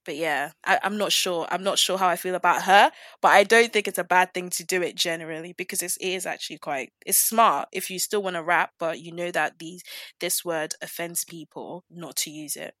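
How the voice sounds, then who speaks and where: A woman's voice: lowish voice, fairly quick, a bit bright, no echo. A woman chatting casually about a TV show, stressing her opinions by repeating words. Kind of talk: casual chat reviewing a TV show.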